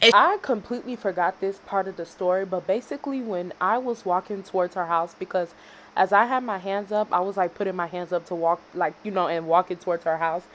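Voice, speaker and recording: Bright, animated woman vlogger. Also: on the low side, brisk, a little hiss or hum. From Houston, Texas. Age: 20s. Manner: animated and dramatic, swinging from loud reenactment to quiet asides. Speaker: storytime vlogger. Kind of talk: casual storytime.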